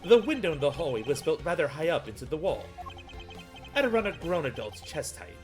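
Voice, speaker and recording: A composed, precise prosecutor, as a man plays him in a fan-made game dub, laying out evidence in measured, formal sentences. His pitch moves a lot between phrases, and music plays clearly behind him. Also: very animated, a little mellow. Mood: calm. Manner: measured, formal and deliberate reasoning. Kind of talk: amateur game dub reading.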